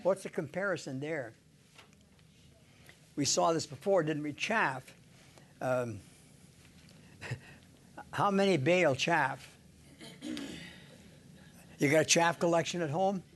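An older man giving an informal sermon on scripture, halting, with many "uh"s, restarts and little chuckles. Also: on the high side, slight background noise. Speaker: Bible teacher.

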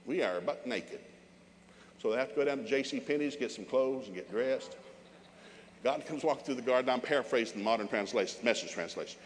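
A man's voice: mid-range voice, lively intonation, a little fast. Older male preacher, emphatic, humorous, long hall echo, faint background noise. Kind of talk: sermon.

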